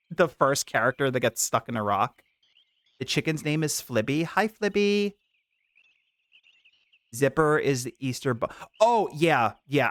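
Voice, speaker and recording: A man streaming a game, chatting casually with viewers in an animated, giggly way. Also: medium pitch, no echo.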